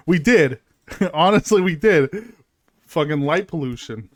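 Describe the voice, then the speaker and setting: A man's voice: on the high side, expressive, unhurried, no room sound, clean studio sound. A man streaming a video game, chatting casually with fillers and reading the game's text aloud. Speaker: gaming streamer. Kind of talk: casual let's-play commentary.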